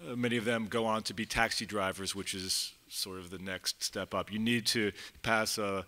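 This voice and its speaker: A man's voice: on the low side, fairly even intonation, moderate pace, sharp tone. A man speaking for a vendors' group on a conference panel, telling members' stories in a plain, conversational way. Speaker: advocate for street vendors. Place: conference hall.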